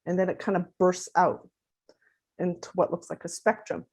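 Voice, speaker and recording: A woman in her fifties giving a conference talk as a parent advocate, animated and acting out quoted dialogue as she explains. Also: fairly low pitch, moderate pace, husky. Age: 50s.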